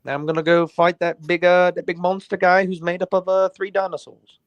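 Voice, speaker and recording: A man voicing a robot leader as a laid-back dude in a slack, halting drawl, as a comic impression. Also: high-pitched, little pitch movement, smooth, no room sound, highs cut off, close to an everyday voice. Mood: lazy goofy. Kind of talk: comic impression in casual chat.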